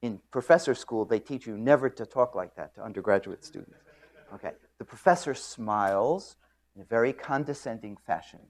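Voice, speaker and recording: A man lecturing on physics, explaining at a board in a joking storytelling way and often clearing his throat. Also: on the low side, lively intonation, moderate pace. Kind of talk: classroom lecture.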